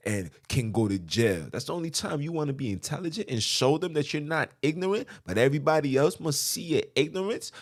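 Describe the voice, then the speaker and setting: Delivering a preachy, scripture-quoting monologue on his podcast, a man with a mid-range voice gets emphatic and repetitive. He keeps asking "right?"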